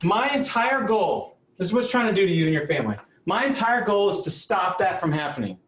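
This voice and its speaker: A man's voice: high voice, very animated, brisk, a bit bright, roomy sound, far from the mic, low-quality recording. A man coaching auto repair shop owners on a live online call. He talks in a fiery, blunt, motivational way with some mild swearing.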